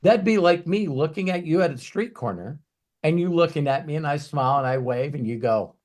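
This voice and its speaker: Emphatic ranting man with a higher voice. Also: lively intonation, brisk. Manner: emphatic, ranting, swings from quiet to loud. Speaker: business coach. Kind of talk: motivational Q&A coaching talk.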